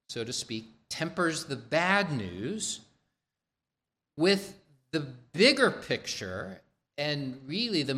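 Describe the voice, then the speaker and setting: A man preaching a sermon, retelling a scripture story in a measured way and voicing the quoted characters' lines himself. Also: medium pitch, pushed and bright.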